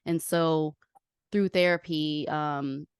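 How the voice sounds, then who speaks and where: Speaking slowly in a low register, this female podcast host tells candid personal stories with energy, voicing the words of others as she goes. Her tone is clean, and the studio recording has no echo.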